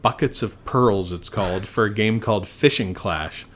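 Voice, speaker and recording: A man's voice: lowish voice, normal speed, fairly bright tone. Middle-aged man telling a rant. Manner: swearing storyteller, acts out quotes. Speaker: podcast co-host; doctor. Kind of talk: casual chat.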